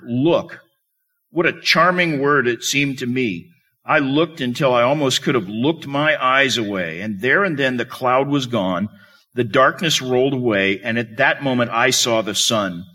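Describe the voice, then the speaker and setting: Animated, bright-voiced man preaching. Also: fairly high pitch. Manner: emphatic, storytelling preacher. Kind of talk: sermon.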